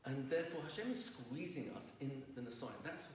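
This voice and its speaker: A rabbi lectures to an audience in a lecture hall, telling stories and posing questions to his listeners. His mid-range voice is expressive and fairly quick, and the recording sounds roomy and distant with faint noise.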